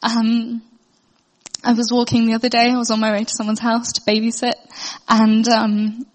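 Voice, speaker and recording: A woman's voice: fairly high pitch, monotone, moderate pace, long reverb tail, poor audio. A young woman sharing a heartfelt personal faith testimony, hesitant, with many fillers and restarts. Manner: earnest, heartfelt.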